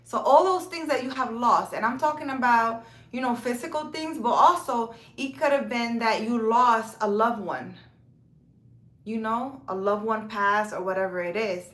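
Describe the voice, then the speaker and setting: A woman's voice: a little high, normal speed, a bit bright, reverberant. A woman talking casually to her viewers about faith, filling her speech with "you know" and "um" and correcting herself as she goes. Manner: conversational, with many fillers and self-corrections. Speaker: spiritual vlogger. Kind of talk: casual spiritual talk to camera.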